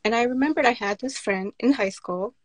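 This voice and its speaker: A woman with a fairly high voice speaks in a steady, matter-of-fact way. The sound is dry and close. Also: brisk, no echo. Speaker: writer and panelist. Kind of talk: casual panel discussion.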